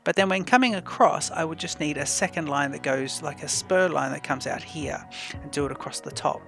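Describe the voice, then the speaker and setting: A man hosting a let's play, thinking aloud in a chatty, unhurried way as he plans his moves. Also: fairly high pitch, vocal fry, fairly bright tone, soft background music. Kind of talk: casual gameplay commentary.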